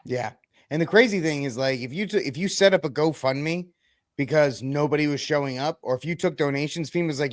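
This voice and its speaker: A man's voice: on the high side, fairly quick, no echo, clean studio sound. A man co-hosting a podcast in casual chat, with a wry, sarcastic way of telling stories. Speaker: podcast co-host.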